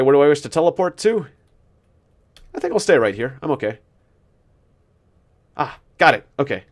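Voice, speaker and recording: A man hosting a gaming video, rambling through casual commentary as he plays, joking at his own expense and often restarting his sentences. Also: mid-range voice. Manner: rambling, self-mocking, laughs at his own jokes; thinks aloud with many restarts. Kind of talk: casual let's-play commentary.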